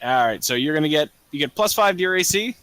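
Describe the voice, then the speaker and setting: A young man running a tabletop game as game master, halting with many ums and casual swearing. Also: on the high side, lively intonation, fairly bright tone, no echo. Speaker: dungeon master.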